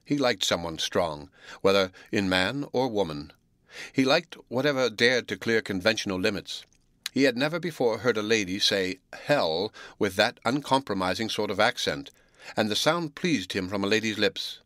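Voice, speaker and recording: A man reading a classic novel aloud as audiobook narrator, in a measured, even storytelling manner. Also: on the low side, no room sound, studio quality.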